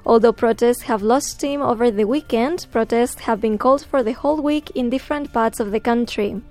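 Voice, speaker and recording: A woman presenter reading scripted news in a measured, even newsreader delivery. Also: a little high, soft background music.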